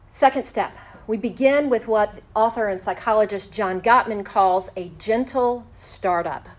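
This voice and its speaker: Woman, faith-based teaching talk, measured step-by-step delivery, mid-range pitch. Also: a little mellow. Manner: measured and step-by-step, slowing for key phrases. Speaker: teacher on forgiveness.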